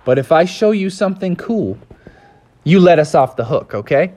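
An adult storyteller voicing a cheeky young frog who talks fast and eagerly. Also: mid-range voice, lightly acted. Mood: cocky. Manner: excited, eager, talks quickly.

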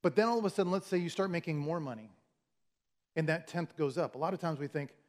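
Man, pastor, sermon, slightly high voice, conversational, storytelling, restarts words. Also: fast, darkish tone. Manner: conversational, storytelling with acted-out quotes.

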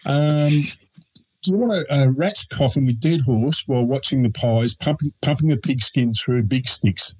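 A man's voice: mid-range voice, moderate pace, darkish tone, slightly rough, poor audio. An older Australian man co-hosting a casual chat, playfully quizzing the others on slang. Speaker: podcast co-host.

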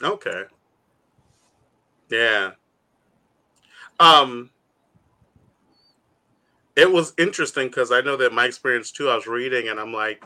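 A man's voice: medium pitch, slow, long pauses, pushed and bright. A man hosting a casual comic book chat, teasing his co-hosts and laughing often. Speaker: host.

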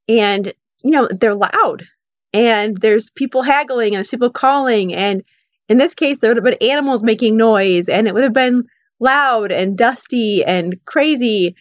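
A woman with a slightly high voice gives a casual Bible teaching, retelling the story conversationally and often saying "you know" and "like." The recording is dry and dull, with no room sound.

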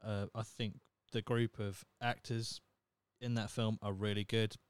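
Young guy ranting on his podcast, swears a lot, smooth clear voice, dry close sound. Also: fairly low pitch, level tone, measured pace, no echo. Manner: blunt, sweary, opinionated. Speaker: podcast host. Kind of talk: casual solo podcast rant.

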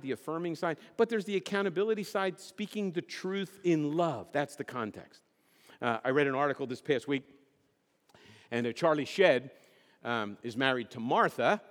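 Joking pastor preaching in a reverberant hall. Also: male voice, a little high. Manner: conversational, joking, asks the congregation questions. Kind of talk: sermon. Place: church sanctuary.

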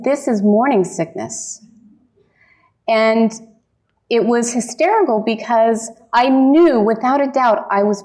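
A woman keynote speaker telling her personal faith story as lively storytelling, laughing often and giving earnest encouragement from a conference stage. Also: a little high. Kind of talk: personal testimony talk.

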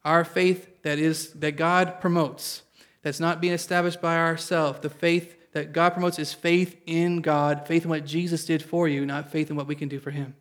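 Slightly high-voiced preaching man. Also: flat delivery, normal speed, a bit bright. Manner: earnest preaching that asks the congregation for an amen; reads scripture aloud and explains it in plain talk. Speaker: pastor. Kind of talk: sermon.

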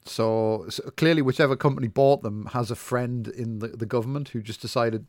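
A man's voice: medium pitch, fairly even intonation, brisk, few pauses, no echo. A middle-aged man co-hosting a podcast, telling a story in hesitant, rambling, self-mocking casual chat. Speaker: podcast co-host.

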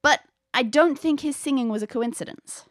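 A woman's voice: high voice, moderate pace, no room sound, studio quality, pitched above the performer's own voice, lightly acted. A woman voicing a trapped seventeenth-century woman scholar who speaks formally, in an old accent somewhere between English and American, and sounds muffled through a door. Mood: earnest. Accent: 1600s mix of English and American. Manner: old-fashioned, formal, urgent pleading.

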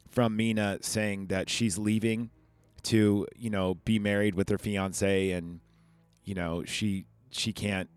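A man's voice: low-pitched, no room sound. A man hosting a podcast, recapping a film in a rambling, chatty way full of fillers and asides. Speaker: podcast host reviewing a film. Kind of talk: casual chat. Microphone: podcast microphone.

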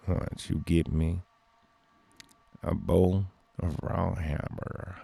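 A man's voice: low voice, flat delivery, takes it slowly, gravelly, dark tone, slightly rough, no room sound, voice pushed down, exaggerated voice. A man doing a creepy, menacing stranger.

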